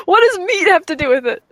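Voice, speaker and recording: A woman's voice: very high voice, a bit bright, no echo. A woman in a casual livestream chat, dry and mock-exasperated.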